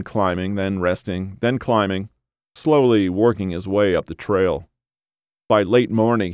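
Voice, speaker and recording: A man narrating a story as an audiobook reader, in a steady, even storytelling manner. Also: fairly low pitch, no room sound, studio quality. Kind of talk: scripted narration.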